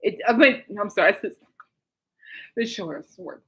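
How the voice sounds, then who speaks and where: A woman's voice: medium pitch, animated, moderate pace. A woman hosting her own podcast in a casual chat, rambling with lots of fillers and laughing often. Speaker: podcast host.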